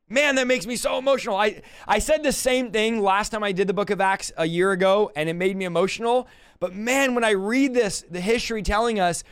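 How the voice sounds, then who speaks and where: Emotional high-voiced male preacher. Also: clean tone, dry recording, studio quality. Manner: emotional, exclaiming, near tears. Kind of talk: livestream Bible teaching and prayer.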